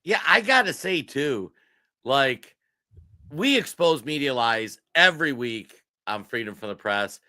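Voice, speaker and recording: A man's voice: mid-range voice, sing-song, a little slow, sharp tone, dry recording, clean studio sound. A man co-hosting a political talk show, talking casually with mocking emphasis and frequent laughter. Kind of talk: casual commentary.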